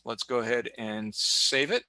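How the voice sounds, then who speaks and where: With a mid-range, sharp-toned voice and a measured pace, this guest expert shows off software during a video call, with no echo. He clicks through the steps on screen share while chatting and cracking jokes.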